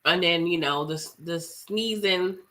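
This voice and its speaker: A young woman with flu, hoarse and congested, casually chatting with live-stream viewers while eating, slangy with laughing asides. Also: fairly low pitch, unhurried, sharp tone.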